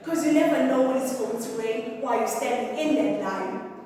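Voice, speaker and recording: A woman plays a young woman recounting her troubles with dry wit on a live stage, slipping in and out of the voices she quotes. Her voice sits high and bright. It carries from a distance through a long, ringing hall reverb. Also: animated, normal speed, a little hiss or hum, close to an everyday voice. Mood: wry. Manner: wry storytelling, acting out quoted voices. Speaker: stage actor. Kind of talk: live theatre monologue. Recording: echoey hall from far off.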